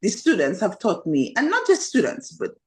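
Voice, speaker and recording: A woman with a Trinidadian accent, a teacher chatting in an interview, animated and quick in bursts, with many fillers. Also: mid-range voice. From Trinidad and Tobago. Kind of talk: casual interview chat. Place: living in Shanghai.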